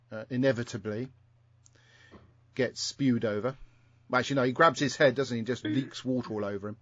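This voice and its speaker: A man's voice: mid-range voice, no echo. A man hosting a casual podcast chat, rambling through a story with many ums and restarts. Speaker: podcast host. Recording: dull lo-fi sound.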